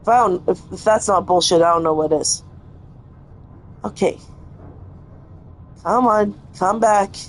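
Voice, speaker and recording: A woman's voice: medium pitch, a little slow, long pauses, soft background music. A young woman giving live gameplay commentary, frustrated and cursing at the game as she plays. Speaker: gaming streamer.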